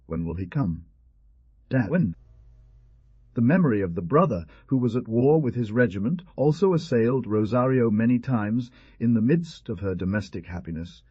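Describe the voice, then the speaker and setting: A man narrating a storybook audiobook in a measured, even reading. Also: lowish voice, husky, dry recording. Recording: dull, dry lo-fi recording.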